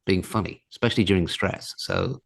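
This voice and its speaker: A man's voice: deep voice, brisk, creaky, slightly rough, dry recording. A man hosting a podcast, bantering casually and teasing his guest. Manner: joking, teasing. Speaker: podcast host.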